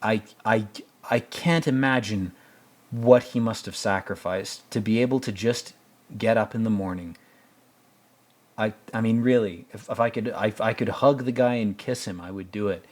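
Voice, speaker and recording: A man's voice: on the low side, normal speed. A man hosting a casual film commentary, rambling and stammering with joking asides. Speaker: host.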